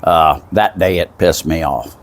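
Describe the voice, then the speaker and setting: A man with a relaxed Southern accent tells a story in a casual, folksy monologue, drifting off into asides along the way. His voice sits very low. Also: a little slow. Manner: folksy, meandering, with frequent asides. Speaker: vlogger.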